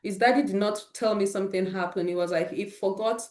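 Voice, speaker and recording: A woman at an ordinary mid pitch gives an informal talk to parents, earnest and encouraging as she shares stories from her own home. Her voice rings a little in a roomy, echoey space. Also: steady tone, brisk, darkish tone. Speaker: host of a parent support session.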